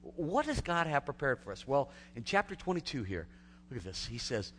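A pastor giving a conversational sermon that swings between loud, emphatic build-ups and hushed, quiet lines. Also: male voice, medium pitch, sing-song, moderate pace, slight background noise.

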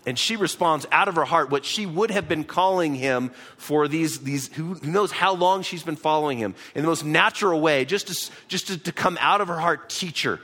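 A man's voice: on the high side, normal speed, few pauses, bright, forceful tone. A man, a pastor, teaching through a Bible passage in a conversational sermon, often repeating words as he restarts. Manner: conversational, repeats words when restarting, reads scripture aloud.

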